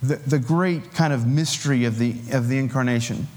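A man preaching a sermon in a relaxed, conversational way, with filler words and light chuckles. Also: medium pitch, normal speed.

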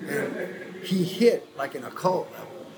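A man from New Orleans tells his story in a loose, rambling way and drops in the voices of the people he quotes. His voice sits a little high for a man. There is a clear layer of background noise behind him. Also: animated, unhurried. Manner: rambling, swears freely, acts out quoted voices. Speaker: guest musician telling his story. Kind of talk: casual storytelling interview.

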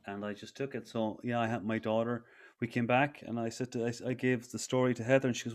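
Talking fast with few pauses, a man in his thirties who works as a breathwork facilitator recounts a personal story in a casual interview. His mid-range voice barely moves in pitch, and he rambles with many restarts.

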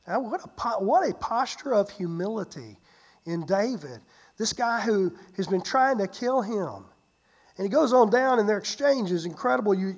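Pastor, sermon delivery: lively storyteller, loud-to-hushed swings, repeats words for emphasis. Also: medium pitch. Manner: repeats and restarts words while preaching.

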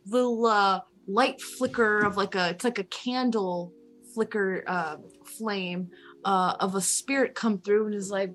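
A woman's voice: mid-range voice, steady tone, measured pace, a bit bright. Rambling, foul-mouthed woman retelling a story. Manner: profane, rambling, playful. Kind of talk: casual chat, retelling a story.

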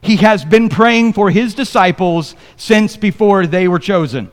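A man's voice: high-pitched, unhurried, long reverb tail. A man preaching a sermon as pastor, reading scripture and joking with the congregation in a loose, conversational way. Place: church sanctuary.

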